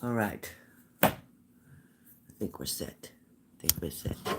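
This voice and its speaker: A woman's voice: extremely low pitch, expressive, slow, long pauses, very noisy. A woman hosting a live psychic reading stream, chatting casually and greeting viewers by name.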